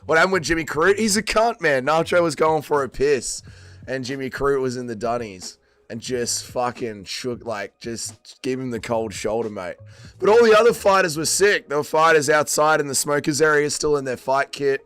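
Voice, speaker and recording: Australian man, smooth voice, still drunk. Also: mid-range voice, normal speed, a bit bright, no room sound. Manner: swearing, laid-back banter with chat. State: still drunk and tired after a late night. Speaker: livestream host. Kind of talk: casual livestream chat.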